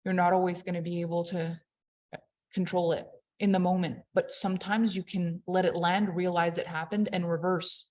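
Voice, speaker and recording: A woman coaching on leadership in an emphatic, conversational motivational talk, swinging between loud and quiet. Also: fairly low pitch, level tone, moderate pace.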